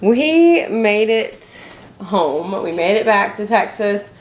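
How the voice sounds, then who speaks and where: A woman's voice: mid-range voice, sing-song, slow pace. A young woman from Indiana telling a story to the camera at home, chatty, with many fillers and restarts. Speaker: family vlogger. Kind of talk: casual chat to camera. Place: her home, indoors. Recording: echoey room, faint noise.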